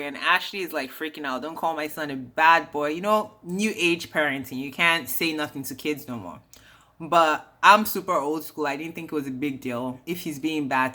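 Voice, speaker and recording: A woman's voice: low-pitched, pushed and bright. A woman casually recapping a reality show, chatty and slangy, dropping opinionated asides.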